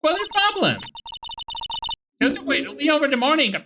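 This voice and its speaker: A woman voicing a loud, nosy female photographer with a Southern accent in a let's-play of a game. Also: sits high, big pitch swings, moderate pace, far from the mic, background noise, pitched above the performer's own voice. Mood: brash. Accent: American Southern. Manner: brash, loud, whooping.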